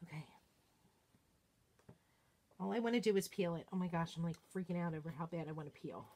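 A woman hosting a live crafting demo, chatting excitedly and talking to herself as she works. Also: on the low side, brisk. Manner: excitable, gushing, talks to herself while working. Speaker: craft demonstrator, live streamer.

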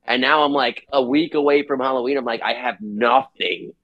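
Brief: man from New Jersey, guest musician, lively storyteller who plays out every quote, mid-pitched voice. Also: normal speed, no room sound, muffled recording. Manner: animated storyteller acting out quoted dialogue. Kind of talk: casual chat.

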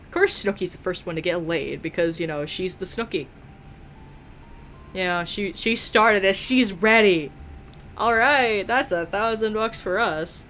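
A woman commentating a life-simulation game she is playing, excitable, swearing freely and laughing often. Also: medium pitch, unhurried, long pauses, faint music behind. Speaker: gaming video creator. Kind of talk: let's play commentary.

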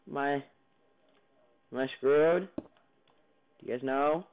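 A man's voice: mid-range voice, takes it slowly, pauses often, a little mellow, smooth, low-quality recording. A man giving jumpy let's-play commentary on a block-building game, chattering at monsters and viewers with sudden yelps, recorded on a basic computer mic. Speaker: gaming channel host. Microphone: basic computer mic, no headphones.

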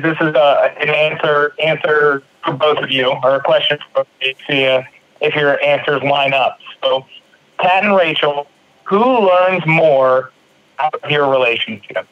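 A man hosting a podcast in a casual, jokey way, often halting and restarting. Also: fairly high pitch, steady tone, muffled recording. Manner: jokey, halting, stumbling over words. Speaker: podcast host.

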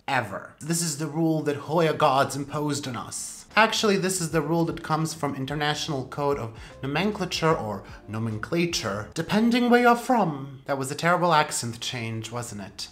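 A woman hosting a plant channel, explaining rules in a casual, playful way with sharp jumps for emphasis. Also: low voice. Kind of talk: casual instructional talk.

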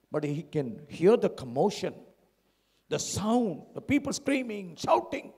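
A man preaching a sermon in a church, dramatic, swinging between loud shouts and hushed tones. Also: fairly high pitch, sing-song, unhurried, vocal fry, long pauses, slightly rough. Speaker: lay preacher. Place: church hall. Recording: long hall reverb.

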